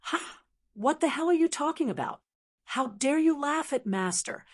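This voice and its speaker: A woman's voice: medium pitch, expressive, unhurried. Woman voicing a blustery martial arts master. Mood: blustery scolding. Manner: loud scolding, embarrassed bluster. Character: boastful middle-aged male martial master, blustery.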